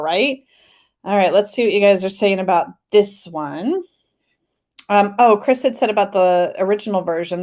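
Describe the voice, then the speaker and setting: A woman's voice: medium pitch, a little mellow. A woman hosting a tarot live stream, chatting casually, reading viewer comments aloud and laughing often.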